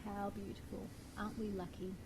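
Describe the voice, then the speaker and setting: A woman co-presenting a children's storytime show, gushing and warm, laughing often. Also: medium pitch, little pitch movement, fairly quick, creaky, low-quality recording.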